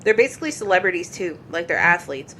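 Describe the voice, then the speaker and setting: A woman's voice: on the low side, very animated, fast, a bit bright, a little hiss or hum, low-quality recording. A woman co-hosting a casual podcast chat, teasing her partner and giving blunt opinions. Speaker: podcast co-host.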